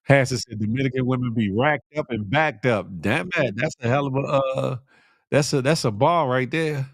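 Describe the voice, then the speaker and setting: Here's a morning livestream host, a middle-aged man, laughing his way through viewer comments in relaxed, slangy chatter. He speaks at a moderate pace in a medium pitch, captured as a dry recording with clean studio sound.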